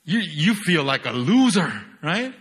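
Energetic young male preacher, bright voice. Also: unhurried, breathy edge. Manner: energetic, keeps asking "right?"; swings from loud bursts to quiet low lines. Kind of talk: sermon.

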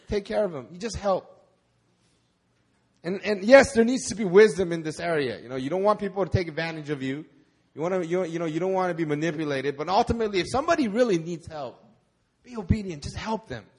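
A man preaching to a congregation with a slightly raised pitch. He is animated, swings from loud to quiet, and repeats words as he presses his point. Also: fairly quick, husky. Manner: animated, acts out quoted voices, repeats words when stressing. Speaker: pastor. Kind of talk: sermon. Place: church service.

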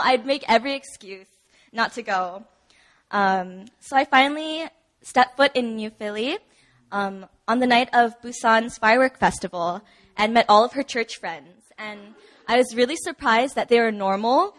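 A woman's voice: on the high side, normal speed, fairly bright tone. A woman sharing her personal testimony at a church service in a chatty way, with many fillers and frequent laughs. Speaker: church member giving testimony.

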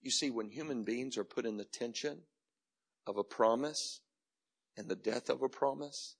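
A man preaching a sermon as pastor, building from quiet reflection to shouted climaxes in a rhythmic, repetitive cadence. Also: mid-range voice, moderate pace, vocal fry, husky.

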